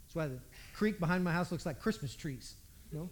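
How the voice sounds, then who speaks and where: High-voiced folksy male preacher. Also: fairly quick. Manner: folksy, animated, acts out voices in the story. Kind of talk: storytelling sermon.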